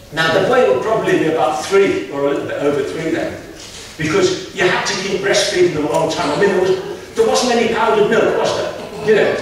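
A man preaching a sermon in a chatty, folksy storytelling way with homely asides. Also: high-pitched. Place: church hall. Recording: echoey hall, mic at distance, faint noise.

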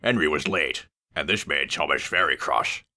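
Deep-voiced male storyteller, bright and animated. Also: moderate pace. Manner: expressive storybook reading. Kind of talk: reading a children's story aloud.

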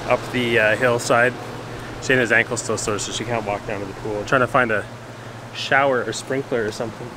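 A man's voice: mid-range voice, steady tone, moderate pace. A man chatting casually for a travel vlog, easygoing and rambling with lots of fillers, filmed on a handheld camera. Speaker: travel vlogger. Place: outdoors at a beach restaurant and a rental condo. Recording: noisy handheld outdoor audio.

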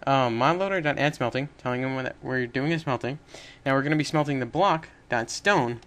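Brisk and fairly bright, a mid-range male voice carries a casual screen-recorded coding tutorial. The young host rambles, fixes his own slips as he goes, and chats with little laughs.

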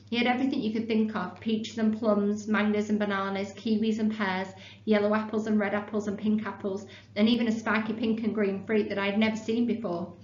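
A woman teacher reading a story aloud to her class in clear, expressive storytelling, then explaining the activity. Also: medium pitch. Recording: echoey, slightly dull, faint hum.

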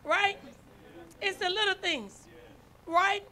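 Slowly and forcefully, a woman with a very high, bright voice preaches a folksy sermon built on stories; she is a first lady preacher who calls out "y'all" and "right?" to her congregation. A little hiss or hum is audible.

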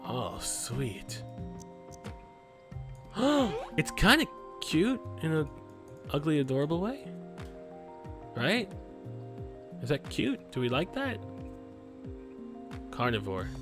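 A man's voice: medium pitch, a bit bright. A young man casually commenting while playing a video game, joking, reading on-screen prompts aloud and talking to his creature. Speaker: gaming YouTuber. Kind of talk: let's play commentary.

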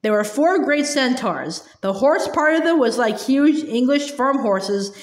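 A woman reads a children's fantasy novel aloud, pausing often and restarting phrases. Her voice is somewhat high and rings in a roomy, echoey space. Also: lively intonation. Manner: hesitant, with frequent fillers and restarts. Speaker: storybook reader. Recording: roomy echo.

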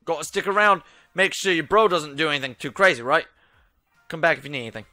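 A man putting on a moody young punk rocker from a game, wistful and a little raised in pitch, with a clumsy fake British accent. The voice is bright and lively, recorded close and dry with faint music underneath. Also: fast, no echo. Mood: gruff. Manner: wistful, with a put-on British accent done badly. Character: brooding young male punk rock singer.

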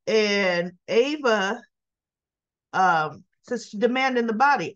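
A woman's voice: mid-range voice, animated, slow, muffled recording. A woman chatting casually as she recaps soap opera scenes, retelling dialogue and tossing in her own asides.

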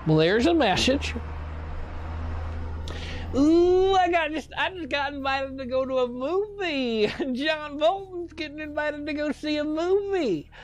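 A man's voice: very high-pitched, lively intonation, measured pace, a little hiss or hum. A man impersonating a touchy, self-assured older male statesman, rambling through comedic gaming commentary in character. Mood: chatty. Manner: rambling, muttering to himself while picking cards.

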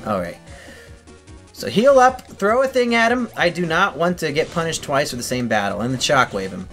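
A man's voice: fairly high pitch, sing-song, moderate pace, fairly bright tone, faint music behind. A man giving let's play commentary on a video game, talking to himself and swearing in frustration. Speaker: gaming streamer.

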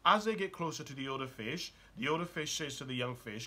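Male life coach, husky and bright, emphatic motivational talk full of questions. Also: mid-range voice, brisk. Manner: rhetorical questions, emphatic storytelling. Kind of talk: motivational monologue.

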